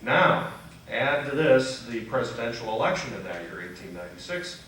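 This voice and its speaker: A man giving a conversational history lecture to a gathering, pausing on fillers and correcting himself as he goes. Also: mid-range voice, very animated, a bit bright, slight background noise. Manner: unscripted, frequent "uh" fillers and self-corrections; asks the audience questions. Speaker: lecturer at a freethought congregation. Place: meeting hall with an audience. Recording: very echoey hall, distant mic.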